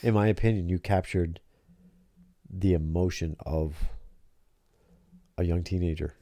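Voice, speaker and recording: Middle-aged male host, very low mellow voice, halting restarts, dry close sound. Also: dry recording. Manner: halting, repeats words when starting a thought. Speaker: podcast host. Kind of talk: casual chat with his daughter.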